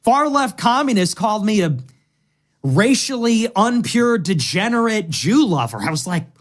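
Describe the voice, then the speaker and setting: A man in a played clip of an online commentator, speaking with sarcastic, deadpan mockery. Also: high-pitched, moderate pace.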